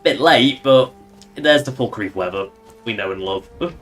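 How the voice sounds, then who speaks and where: A man chatting over his gameplay in a relaxed, sarcastic way. His voice sits at a middle pitch and he wanders off into asides. Faint game music plays behind him. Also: moderate pace. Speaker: streamer. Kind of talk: casual gameplay commentary.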